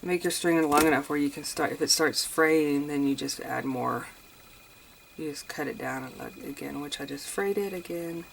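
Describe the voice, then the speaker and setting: Woman host, low pitch, casual think-aloud crafting chat with a sniffle, clear background noise. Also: normal speed. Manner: chatty, thinks aloud while crafting, addresses viewers as you guys.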